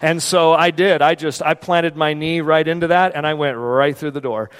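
A man preaching a sermon in a church, telling a personal story in an animated, conversational way. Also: a little high, normal speed, clean tone. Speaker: pastor. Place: church sanctuary. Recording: long hall reverb.

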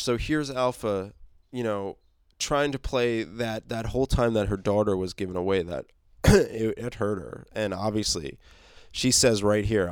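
A man's voice: lowish voice, measured pace, clean tone, no room sound, studio quality. Casual man recapping a comic. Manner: rambling, many fillers, laughs, swears. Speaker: comic book reviewer.

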